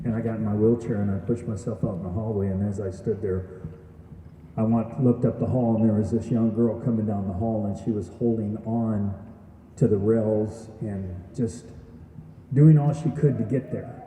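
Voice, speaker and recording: A man's voice: fairly low pitch, fairly even intonation, normal speed, warm tone, slight background noise. A man giving an earnest testimonial speech at a graduation event, telling his story and asking the audience questions. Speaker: graduation speaker. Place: event hall. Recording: echoey hall from far off.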